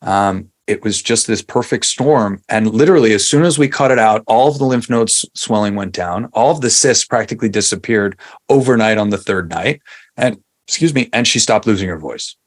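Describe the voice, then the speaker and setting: A man in his forties from Long Island, New York, speaks with a fairly low voice as a podcast guest. He tells his story casually, with frequent fillers and restarts. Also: normal speed. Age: 40s. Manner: conversational, many fillers and restarts.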